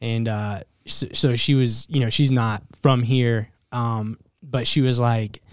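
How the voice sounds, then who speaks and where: A man, hosting a casual podcast chat and telling stories in an upbeat, animated way. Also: mid-range voice, unhurried, few pauses, clean tone, no echo, studio quality. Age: 30s. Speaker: podcast host.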